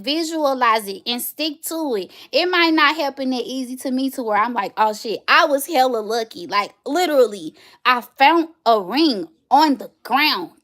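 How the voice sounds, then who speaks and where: A woman in her thirties hosting a casual livestream, chatting straight to her viewers and telling stories with animated energy. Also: sits high. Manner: chatty, animated storytelling, addresses viewers directly. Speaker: livestream host.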